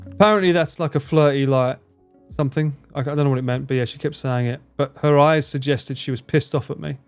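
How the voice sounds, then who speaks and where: A man's voice: a little high, steady tone, brisk, clean tone, faint music behind. A man in casual live-stream chat, rambling, swearing freely and laughing often as he answers his chat. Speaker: livestreamer.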